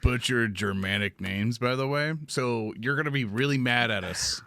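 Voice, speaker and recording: A man's voice: mid-range voice, moderate pace, gravelly, noisy background. A man playing a tabletop game, talking casually, joking and swearing. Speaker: player.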